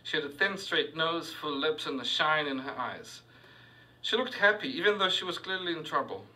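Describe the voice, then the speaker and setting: A man reading his own fiction aloud to a live audience, halting on fillers and adding asides. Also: fairly high pitch, animated, bright, forceful tone, far from the mic, rough recording. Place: university reading hall with audience.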